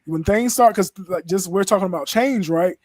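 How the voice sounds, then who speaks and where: High-voiced guy on a podcast, dry close sound, all hyped up. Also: normal speed, no room sound. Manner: excitable, hypes others up. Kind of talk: casual podcast chat.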